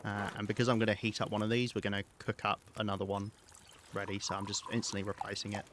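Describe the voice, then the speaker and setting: A British man talks through a live game stream in a low, easygoing register. He thinks aloud in loose, rambling sentences full of ums and restarts. Faint noise hums underneath his voice. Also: completely flat delivery, quick pace, fairly bright tone. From Britain. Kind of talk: live gameplay commentary.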